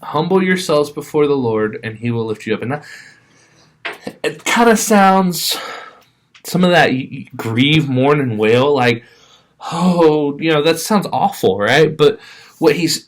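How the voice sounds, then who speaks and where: A man, as a pastor, giving a casual, conversational sermon with frequent restarts, reading scripture more slowly and softly. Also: medium pitch.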